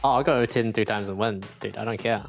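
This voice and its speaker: A man's voice: lowish voice, brisk, creaky. A man co-hosting an esports show, recapping matches and bantering in an upbeat, playful way. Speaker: co-host. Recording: music behind.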